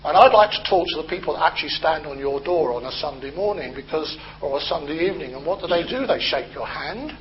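High-voiced man preaching. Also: lively intonation, fast talker, hardly any pauses, dull audio, a little hiss or hum. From Britain. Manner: conversational, gently humorous expository preaching. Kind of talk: sermon.

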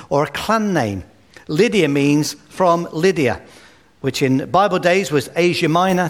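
A man preaching a sermon with gentle humor and anecdotes, at a baby's naming. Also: fairly high pitch. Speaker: pastor. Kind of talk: sermon at a baby dedication.

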